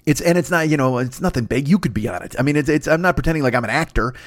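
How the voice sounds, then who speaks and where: A man hosting a solo comedy podcast, ranting in a profane, exasperated way that climbs into high indignant bursts. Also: racing, dry recording, clean studio sound. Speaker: podcast host.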